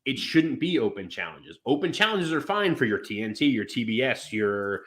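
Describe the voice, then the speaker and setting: A man co-hosting a podcast in casual chat, rambling with restarts and acting out quotes in animated voices. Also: mid-range voice, moderate pace. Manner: rambling with many restarts and fillers. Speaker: podcast co-host.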